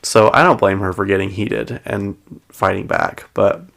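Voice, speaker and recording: A man with a low, gravelly voice hosts a pop culture show and recaps celebrity and reality TV gossip. His talk is loose and chatty, full of "like" and "um", with laughs between sentences. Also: normal speed, fairly bright tone. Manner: chatty, heavy use of "like" and "um".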